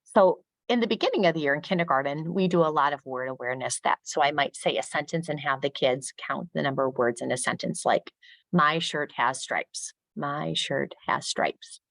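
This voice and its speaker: Low-voiced woman teaching phonics sounds. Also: dry recording. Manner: models speech sounds slowly and crisply, rising when addressing pupils. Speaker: teacher trainer. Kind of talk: professional development talk for teachers.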